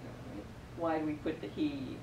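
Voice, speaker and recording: Female student, lower voice, ponders and asks in class; far-off, roomy recording. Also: fairly even intonation, normal speed. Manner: thoughtful, questioning, thinks aloud. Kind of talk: classroom discussion. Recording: echoey classroom from far off, noisy.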